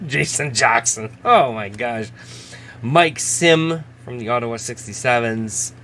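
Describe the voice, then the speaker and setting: A man's voice: mid-range voice, animated, slow, background noise. A man, casually chatting as he opens trading card packs, laughing at himself and reading names aloud. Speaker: host. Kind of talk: casual card-opening commentary.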